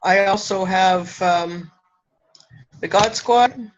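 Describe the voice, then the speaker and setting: A woman from Canada, a spiritual teacher and speaker, talking effusively and emotionally in an interview, laughing often and pausing for effect. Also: medium pitch, lo-fi sound. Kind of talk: casual interview talk.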